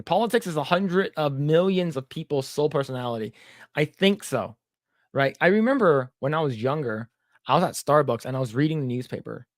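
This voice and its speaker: A man's voice: medium pitch, no echo, clean studio sound. A man in his thirties co-hosting a podcast, telling rambling stories, swearing and reading viewer comments aloud. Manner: rambling storyteller, swears, mimics voices in quotes. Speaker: podcast co-host. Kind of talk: casual chat, reading comments.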